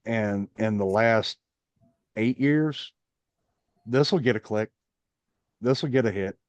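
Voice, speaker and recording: A man's voice: on the low side, slow, darkish tone, dry recording. A man on a wrestling chat panel, speaking in a blunt, dry way. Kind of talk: casual chat. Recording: dull lo-fi mic.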